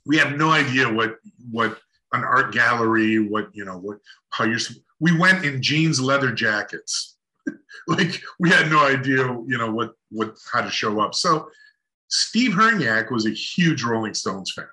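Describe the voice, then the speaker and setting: A man's voice: medium pitch, animated, measured pace, pushed and bright, poor audio. A middle-aged man as a guest on a talk show, telling a long anecdote in a rambling way with restarts and laughs. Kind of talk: casual storytelling chat.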